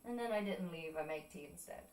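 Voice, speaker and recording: A woman's voice: deep voice, a little fast, a little mellow. A young Irish woman telling stories in casual chat, swearing freely and laughing often. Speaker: art streamer. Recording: roomy sound, distant mic.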